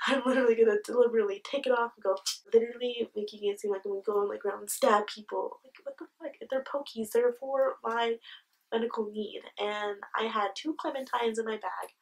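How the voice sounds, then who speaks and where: A woman's voice: fairly high pitch, fairly even intonation, a little fast, far from the mic, low-quality recording. Candid young woman vlogger, off-mic. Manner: candid, swears freely, retells the scene with quoted dialogue. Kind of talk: casual storytelling vlog.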